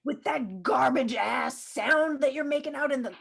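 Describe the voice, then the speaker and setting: A husky, gravelly mother with a high voice, blunt and hard to impress, as a woman acts her out. She scolds her grown child in a live improv comedy scene, flat and unbending. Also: normal speed, exaggerated voice. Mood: stern.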